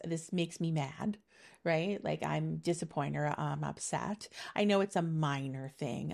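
A woman's voice: low voice, creaky. A middle-aged woman giving a casual intuitive energy reading, chatty and meandering with many fillers, laughing easily. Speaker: spiritual reader giving a monthly energy reading.

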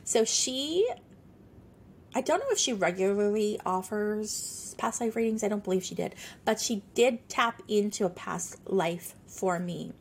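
A woman's voice: medium pitch, lively intonation, measured pace, a little hiss or hum. A woman in her thirties hosting a podcast, telling a personal story in a chatty, earnest way with many casual fillers. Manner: chatty, earnest, sprinkles talk with "like". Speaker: podcast host.

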